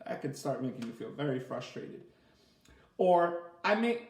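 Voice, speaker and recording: A man, a martial arts instructor, reading a picture book aloud to children in a gentle, expressive way and asking them questions as he goes. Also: mid-range voice, measured pace. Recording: echoey room, far from the mic.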